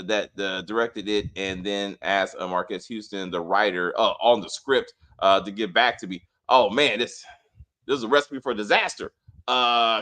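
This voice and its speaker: A man co-hosting a casual spoiler review, animated and exasperated, swearing freely and acting out scenes. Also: on the low side. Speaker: movie review co-host.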